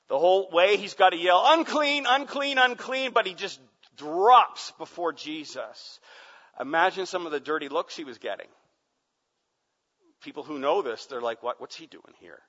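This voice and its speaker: A male pastor preaching a sermon dramatically, dropping to a hush and then rising to near shouts. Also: fairly high pitch. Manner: dramatic, swings from hushed to loud shouting. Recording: muffled sound with long hall reverb.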